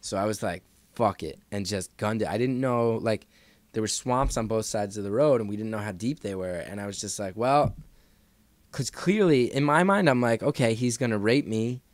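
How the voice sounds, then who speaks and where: A man's voice: lowish voice, moderate pace, no room sound. A man telling a long story in a casual podcast chat, acting out the people in it. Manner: animated, acts out quoted voices. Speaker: podcast guest.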